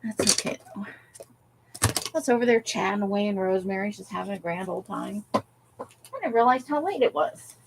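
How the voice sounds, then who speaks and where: Speaking at a moderate pace in a creaky, mid-range voice with long pauses, a woman chats casually on a home crafting livestream. She rambles and talks to herself while searching through her supplies, with background noise present.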